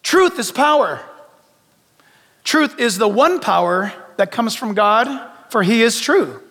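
A man's voice: very high voice, expressive, slow, a bit bright. A male pastor preaching a sermon, emphatic, repeating phrases and asking rhetorical questions of the congregation. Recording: long hall reverb.

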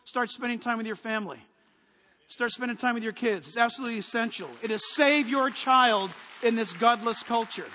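A man preaching a sermon as a pastor, forceful and punchy, with quick lists and asides. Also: extremely high pitch, big-room sound, slight background noise.

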